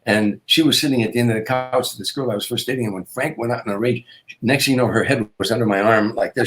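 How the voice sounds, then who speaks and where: An older man, a comedian, telling anecdotes in an interview, with repetitions and quick restarts. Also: medium pitch. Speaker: guest comedian. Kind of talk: storytelling interview.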